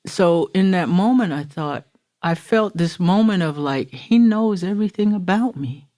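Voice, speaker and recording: A woman's voice: lowish voice, expressive, measured pace, dark tone. A middle-aged woman from Florida, a podcast guest, giving an earnest, emotional personal recovery testimony and acting out the quotes she retells. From Florida, USA.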